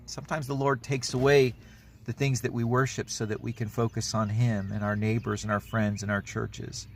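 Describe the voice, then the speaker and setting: Plain-spoken pastor, story-led devotional. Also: male voice, on the low side, little pitch movement, normal speed, slight background noise. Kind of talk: devotional talk.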